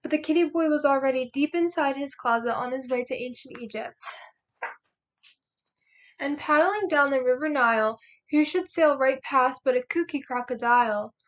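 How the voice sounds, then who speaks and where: A teenage girl reads a children's picture book aloud with a lively, rhythmic lilt. Her voice is high, and the home recording sounds muffled and lo-fi. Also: moderate pace. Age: late teens. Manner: lively, rhythmic rhyming delivery. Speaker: volunteer reader. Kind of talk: children's storybook read-aloud.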